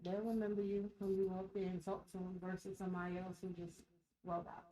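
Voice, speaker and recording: A woman's voice: medium pitch, flat delivery, fast talker, mellow, rough recording. A woman co-hosting a casual podcast, talking in a chatty way and giving advice. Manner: chatty, advising. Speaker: co-host.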